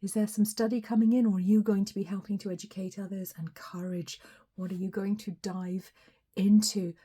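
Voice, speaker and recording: A woman giving a casual tarot reading, her voice a little hoarse from a recent cold, chatty and often laughing. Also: medium pitch, little pitch movement, a little fast. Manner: chatty, laughs often, some soft whispery asides. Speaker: tarot reader.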